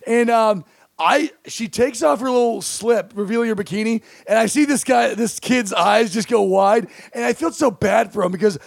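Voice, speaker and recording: A man in his thirties tells comedic stories at a high pitch, with a gravelly edge. He acts out quotes loudly and animatedly. The sound is dry and close. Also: normal speed, no echo. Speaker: podcast co-host. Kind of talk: casual comedic storytelling.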